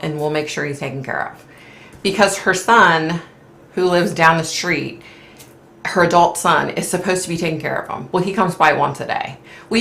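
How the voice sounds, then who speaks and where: Gravelly, low-voiced woman chatting. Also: bright, forceful tone. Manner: chatty storytelling, sighs often. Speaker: channel host. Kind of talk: casual chat to viewers.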